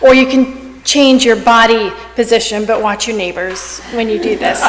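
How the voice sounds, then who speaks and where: A woman leading a congregation through a playful laughter exercise, encouraging and warm in her praise. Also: fairly high pitch, a little hiss or hum. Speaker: worship leader. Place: church sanctuary. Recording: echoey hall with congregation and music.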